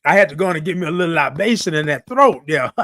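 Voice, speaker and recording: A man's voice: a little high, lively intonation, fast talker, sharp tone, no room sound, clean studio sound. A man hosting a morning livestream, playfully reading viewer comments aloud. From Texas. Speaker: livestream host. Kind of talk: casual livestream chat.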